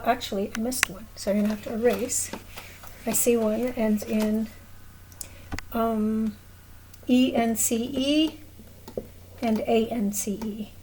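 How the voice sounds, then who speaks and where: Woman teacher going over a review real slow, kinda high voice, little hiss in the back. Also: darkish tone, low-quality recording. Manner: slow, patient, repeats and checks with "okay?". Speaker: Spanish teacher. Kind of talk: recorded classroom lesson.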